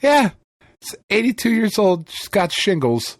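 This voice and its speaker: A man's voice: high voice, sing-song, a little slow, dry recording, studio quality. A man co-hosting a podcast, telling a story in casual, profane chat and laughing often. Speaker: podcast co-host.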